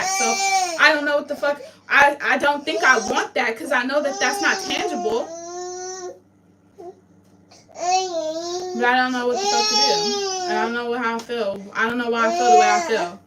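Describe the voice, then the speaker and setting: A woman's voice: high-pitched, expressive, normal speed, long pauses. Tearful woman venting, distant noisy mic. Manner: raw, venting, swears, voice breaking into tears. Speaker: vlogger. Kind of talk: emotional confessional vlog. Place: home bathroom.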